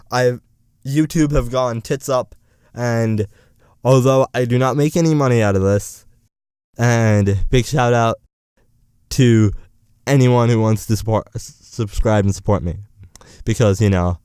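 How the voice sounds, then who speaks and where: A young man rants about politics in a loose, profane, sarcastic vlog ramble. His voice is smooth and clear, sitting at an ordinary middle pitch. It is recorded close and dry, with no room sound around it. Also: a little slow, long pauses, a little mellow, no room sound. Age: young adult. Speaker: political vlogger.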